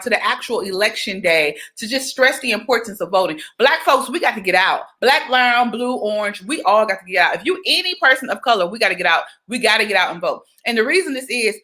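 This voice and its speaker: Young woman, livestream host, bright and lively, talks straight to her viewers. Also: a little high. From Georgia, US. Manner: chatty, animated, breaks into sung exclamations. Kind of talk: casual livestream chat.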